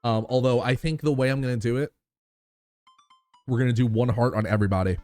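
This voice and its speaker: A man's voice: mid-range voice, fairly even intonation, brisk, darkish tone, dry recording, faint music behind. A man with a New York accent streaming a game live, chatting casually with his viewers, laughing and swearing easily.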